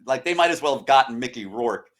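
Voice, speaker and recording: A man's voice: medium pitch, lively intonation, quick pace, fairly bright tone. Rambling American man talking movies. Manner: long, rambling explanations. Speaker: podcast co-host or guest. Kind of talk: casual film-discussion chat.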